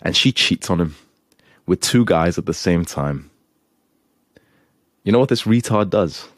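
A man's voice: sits low, animated, measured pace, no echo, clean studio sound. A young man giving blunt, profane dating advice in a lecturing, scolding manner.

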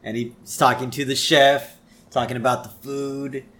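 A man's voice: medium pitch, flat delivery, unhurried, fairly bright tone. A man co-hosting a podcast who narrates cartoon scenes step by step in casual chat. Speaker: podcast co-host. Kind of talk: casual episode recap chat.

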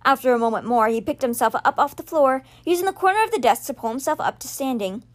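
A woman hosting a podcast, reading a children's novel aloud with expressive storytelling. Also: high voice, quick pace. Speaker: podcast reader.

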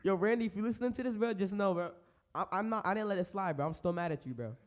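High-voiced young man telling stories. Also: fast. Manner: animated storytelling with slang. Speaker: podcast co-host. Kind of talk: casual chat.

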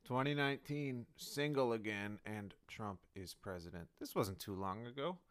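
Deadpan man reading old notes, dry sound. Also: lowish voice, normal speed, smooth, no room sound. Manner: rambling, deadpan, absurd asides. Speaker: comedian and podcast host.

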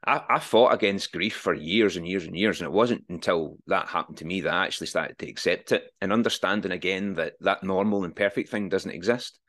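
A man's voice: low-pitched, brisk, few pauses, a bit bright. A man in his forties speaking as a podcast guest, earnest and reflective, swearing freely in candid conversation. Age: 40s.

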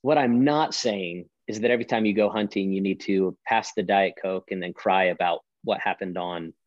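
Emphatic low-voiced male pastor. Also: normal speed, no room sound, muffled recording. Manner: emphatic, preacherly, rhetorical questions. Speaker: pastor and podcast guest. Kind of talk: podcast conversation.

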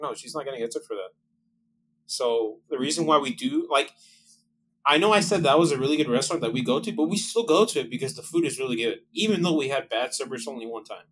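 A man's voice: medium pitch, slight background noise, rough recording. A man guest in casual podcast chat, rambling and laughing often.

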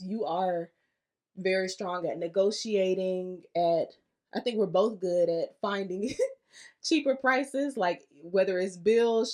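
A woman's voice: mid-range voice, a little mellow. A woman co-hosting a casual podcast chat, speaking candidly and thoughtfully with easy laughter. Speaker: podcast co-host.

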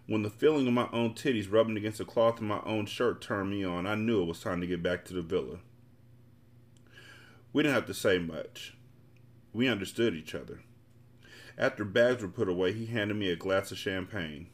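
A podcast host reading a novel aloud in a fairly low male voice. He narrates in a relaxed, casual storytelling manner, leaning into the slang of the text. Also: moderate pace.

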